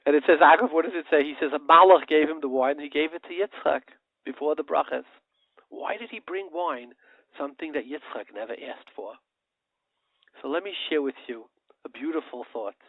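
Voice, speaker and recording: A man giving a lively holiday Torah talk in a fairly high voice, his tone jumping up for emphasis as he tells a story. He slips Hebrew and Yiddish terms into his English. The sound is thin and phone-like, with no room around it. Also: a little fast, dry recording. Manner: animated storyteller with sudden emphatic rises. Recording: narrow phone-like line, dry.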